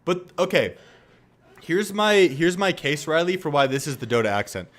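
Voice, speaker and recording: Animated man streaming casually. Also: a little high, normal speed. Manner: animated, joking, reacts to clips. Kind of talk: casual livestream chat.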